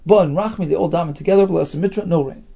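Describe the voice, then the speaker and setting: A high-pitched man with a husky, gravelly voice teaches a Talmud class. He reads the Aramaic phrase by phrase and translates each part into English as he goes. His tone is mellow, and the recording is dull and lo-fi. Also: very fast.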